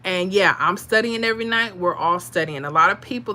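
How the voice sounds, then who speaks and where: A woman runs a casual livestream giving lottery picks, chatting freely, reading viewer comments aloud, reacting to them, and adding emotional asides. Her lowish voice comes out fairly quick with few pauses, pushed and bright, over a little hiss or hum.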